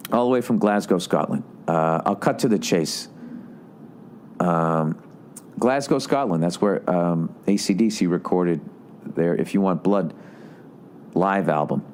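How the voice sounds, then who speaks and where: A man's voice: fairly low pitch, darkish tone, a little hiss or hum. A man hosting a podcast, reading listener letters aloud and giving blunt, profane advice with rambling asides. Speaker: podcast host.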